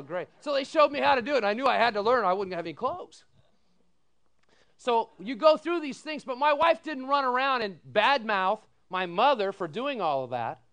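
A middle-aged pastor preaches his sermon in a high, smooth, clear voice. He tells folksy stories, acts out the people in them with lively voices, and keeps asking the congregation "amen?". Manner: folksy storytelling, animated quoted voices, asks "amen?".

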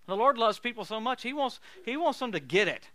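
A man preaching with a high, bright, forceful voice, recorded close and dry with hardly any room sound. He tells healing stories in an animated way, laughing along and breaking into loud emphatic bursts. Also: fairly quick, dry recording. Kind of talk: sermon with healing testimonies.

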